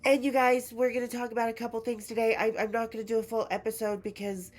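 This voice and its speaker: A woman's voice: fairly high pitch, flat delivery, quick pace, a little mellow. A woman hosting her podcast in a casual, affectionate chat while sick and congested, swearing freely. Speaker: podcast host.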